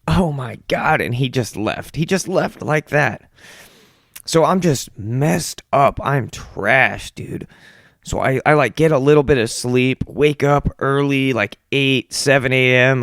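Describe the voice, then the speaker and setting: A man's voice: medium pitch, unhurried, no room sound, studio quality. A young man hosting a podcast who tells stories in a loose, profane way and acts out the voices of the people in them. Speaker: podcast host. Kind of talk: casual storytelling monologue.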